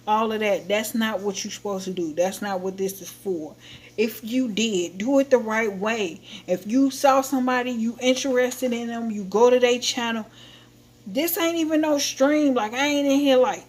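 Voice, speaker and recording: A woman hosting her own livestream, chatting casually and telling a rambling, animated story to her viewers. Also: mid-range voice, moderate pace. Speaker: livestream host.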